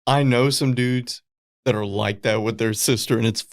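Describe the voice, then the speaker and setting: A man's voice: medium pitch, steady tone, normal speed. A man co-hosting a podcast, chiming in with laid-back, profane reactions. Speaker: podcast co-host. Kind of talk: casual movie-review chat.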